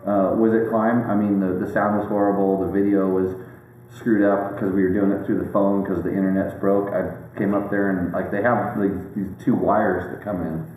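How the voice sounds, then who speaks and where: A man's voice: sits low, flat delivery, moderate pace, phone-quality sound. A man hosting a casual chat, rambling and joking with lots of fillers and restarts. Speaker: host. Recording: very echoey room, faint background noise.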